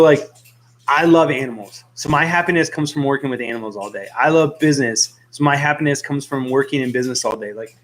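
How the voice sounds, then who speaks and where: Earnest rambling young man. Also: medium pitch. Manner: earnest, rambling with many fillers. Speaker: fish store owner and YouTube host. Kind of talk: casual talk to camera. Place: his aquarium store.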